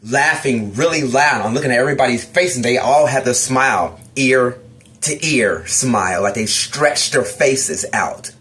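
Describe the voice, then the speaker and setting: A man's voice: medium pitch, moderate pace, a bit bright. A man telling a personal story of a frightening dream, acting out his own lines as he goes. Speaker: testimony storyteller.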